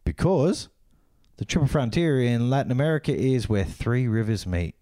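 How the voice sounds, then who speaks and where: A man co-hosting a podcast in casual chat, swearing freely and laughing through animated asides. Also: medium pitch, brisk, dry recording, clean studio sound. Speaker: podcast co-host.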